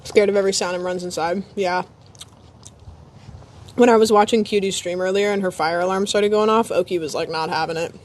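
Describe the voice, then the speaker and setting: A woman's voice: mid-range voice, steady tone, fairly quick, slight background noise. A woman live-streaming from her phone at home, chatting casually to her viewers and her dog as she grills. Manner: chatty, rambling, talks to her dog and chat.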